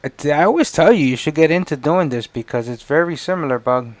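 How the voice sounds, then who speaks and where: A man's voice: on the high side, expressive, a little fast. A middle-aged man streaming live, talking himself through each design step and teasing his child between tasks. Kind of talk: casual livestream chat while working.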